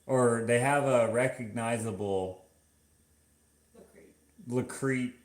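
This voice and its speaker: A man from Canada chatting casually in a vlog, rambling and halting with many fillers and restarts. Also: mid-range voice, echoey room. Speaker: vlogger. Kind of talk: casual chat.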